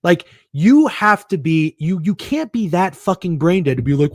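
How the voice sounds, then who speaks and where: A man co-hosting a casual sports podcast, his voice lively and swinging up and down as he rants. He swears freely and sounds exasperated. The sound is dry and close. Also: sits high, moderate pace, few pauses, no room sound. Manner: profane, ranting, exasperated. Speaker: podcast co-host.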